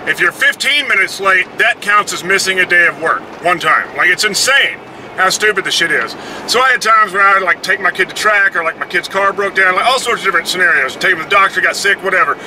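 A man rants bluntly, swearing freely as he tells his story. His voice sits fairly high for a man. Loud vehicle and traffic noise runs under the recording. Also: a little fast. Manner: profane, blunt, heated storytelling. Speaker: vlogger. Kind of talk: casual ranting monologue. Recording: noisy, with vehicle and traffic sounds.

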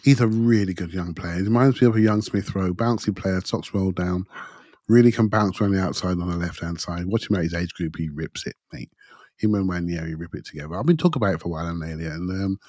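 A man's voice: deep voice, quick pace, a little mellow, dry recording, clean studio sound. A middle-aged man, talking football bluntly and emphatically on a podcast. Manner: blunt and emphatic, says mate. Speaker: podcast pundit. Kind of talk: casual football chat.

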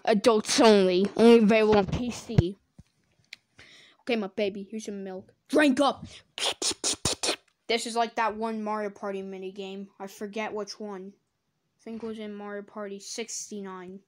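A woman doing comedic reaction commentary, sarcastic and swearing, breaking into loud silly voices. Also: medium pitch. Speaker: commentator reacting to fan drawings.

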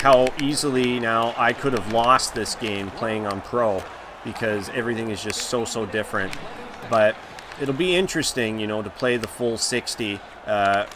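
Man, gameplay commentary, excitable, mid pitch, noisy background. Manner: excitable, reacts loudly, groans and laughs at plays. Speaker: gaming channel host.

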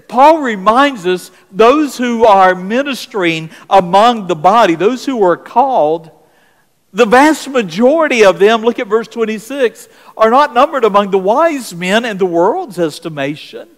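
A man's voice: sits high, lively intonation, moderate pace, long reverb tail. A middle-aged man with a Southern US accent, preaching as senior pastor, reading scripture and telling folksy stories. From South Carolina, US. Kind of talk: sermon.

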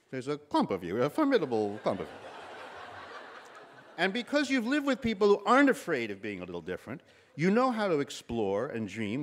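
A man in his sixties with a slightly nasal voice gives a commencement address, telling stories and acting out the voices of people he quotes. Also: a little high. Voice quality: a little nasal. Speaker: commencement speaker.

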